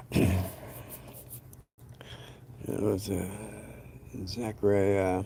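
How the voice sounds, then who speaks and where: A man's voice: low-pitched, flat delivery, very slow, vocal fry, dark tone, slight background noise. A man hosting his own channel, telling a story in a meandering, folksy way, often breaking off into asides. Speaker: channel host telling stories. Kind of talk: rambling casual storytelling.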